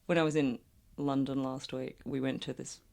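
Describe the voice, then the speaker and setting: A woman's voice: a bass voice, level tone, normal speed, creaky, darkish tone. An Australian woman in casual chat as a podcast guest, explaining slang in a chatty way with lots of "like".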